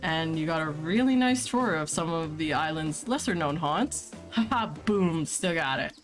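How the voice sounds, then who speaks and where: A woman's voice: sits low, lively intonation, normal speed. A young woman streaming a dating game, reading the narration aloud in a playful, giggly way with joking asides. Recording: faint game music behind.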